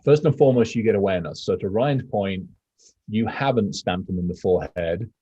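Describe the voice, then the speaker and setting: A low-voiced man with a husky, dark tone, co-hosting a casual podcast. He rambles in a profane, animated way. The sound is dry and a bit muffled. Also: a little fast, no echo. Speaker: podcast co-host.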